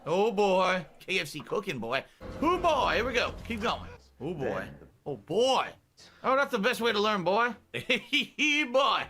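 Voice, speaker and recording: A man's voice: sits high, big pitch swings, a little slow, pushed and bright, slight background noise, full character voice. A male streamer doing an old Southern colonel with a put-on Southern accent, drawling and brash while commenting on a game. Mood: rowdy folksy. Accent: put-on American Southern. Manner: drawling, rowdy, brash heckling. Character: folksy old Southern colonel, calls everyone boy.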